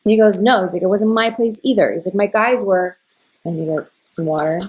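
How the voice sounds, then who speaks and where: A spiritual content creator, a young woman with a mid-range voice, speaks a little fast. She tells a personal story casually and ramblingly, saying "like" constantly and emotionally replaying a conversation.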